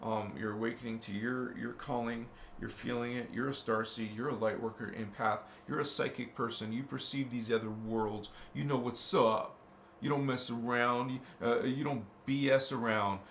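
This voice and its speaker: A man hosting a spiritual livestream, talking in a gentle, earnest, halting way to his viewers. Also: medium pitch, fairly even intonation, echoey room, a little hiss or hum. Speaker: livestream host.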